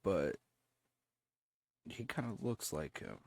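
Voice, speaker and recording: A man's voice: sits low, sing-song, slow pace, vocal fry, no echo. A laid-back man hosting a casual reaction video, often repeating himself and chuckling. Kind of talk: casual chat.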